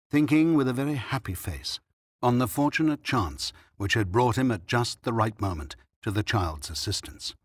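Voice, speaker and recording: In a lowish voice, a man narrates a classic story for an audiobook, scripted and delivered in a measured, even storytelling manner. The recording is clean studio sound with no room sound.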